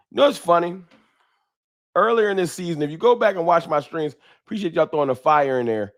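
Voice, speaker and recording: A man's voice: a little high, a little fast, fairly bright tone. A man chatting casually on a live stream at home, speaking into a desk microphone. He greets viewers one by one in easygoing slang and keeps up a loose, running talk with the chat. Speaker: livestream host. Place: home room with a wall sign.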